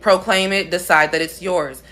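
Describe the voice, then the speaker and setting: A woman's voice: lowish voice, steady tone, moderate pace, fairly bright tone, soft background music. A woman hosting a casual spiritual livestream, talking in a blunt, profane, playful way.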